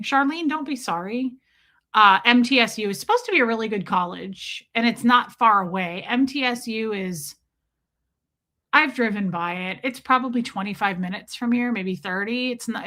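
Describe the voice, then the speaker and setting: A woman hosting a livestream, telling a story in a chatty, animated way while greeting her chat. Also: fairly high pitch. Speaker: livestream host.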